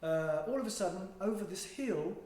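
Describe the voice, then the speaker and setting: A man's voice: sits high, animated, normal speed, darkish tone. A man telling a funny travel story in casual chat, laughing often as he goes. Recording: very echoey room with faint noise.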